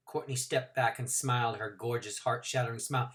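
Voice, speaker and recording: A man teacher reading a novel aloud to his class, with expressive, dramatic emphasis. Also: mid-range voice, fairly quick, few pauses.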